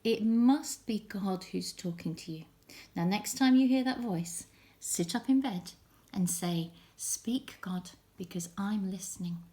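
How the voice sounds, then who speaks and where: A woman voicing a kind, gentle old priest in a children's storybook tale. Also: medium pitch, a little slow, lightly acted.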